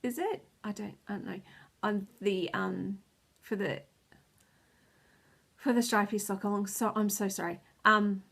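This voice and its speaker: A woman's voice: medium pitch, steady tone, unhurried, creaky, a bit bright, husky. Tired, rambling woman. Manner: rambling, loses her words, laughs often. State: tired and stressed, close to tears. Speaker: knitting podcast host. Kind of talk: casual chat.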